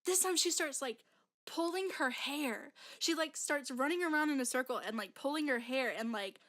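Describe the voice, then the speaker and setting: A woman's voice: high voice, moderate pace, fairly bright tone. A young woman telling a story as a podcast co-host, rambling and full of "like" fillers. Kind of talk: casual chat.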